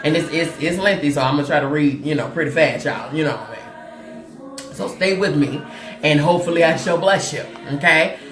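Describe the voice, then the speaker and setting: A woman from Chicago, USA, with a deep voice, hosts a casual motivational livestream, talking a little fast. She laughs often, repeats herself, and checks in directly with viewers, in an echoey room with music in the background.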